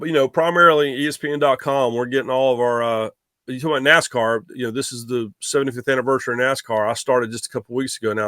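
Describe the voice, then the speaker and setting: Middle-aged male guest, rambling storyteller, mid pitch, dry close sound. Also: no echo. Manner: animated, rambling with restarts. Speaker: guest sportswriter. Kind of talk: casual storytelling.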